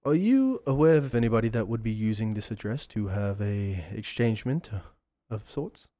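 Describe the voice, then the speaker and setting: A man's voice: on the low side, big pitch swings, moderate pace, dark tone, dry recording, clean studio sound. A man playing a formal, inquisitive man who asks stiff, polite questions.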